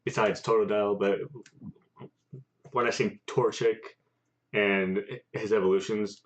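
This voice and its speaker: A man co-hosting a casual chat, speaking haltingly with many pauses. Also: fairly low pitch, little pitch movement. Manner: halting, many fillers and restarts. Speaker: co-host. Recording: dull lo-fi sound.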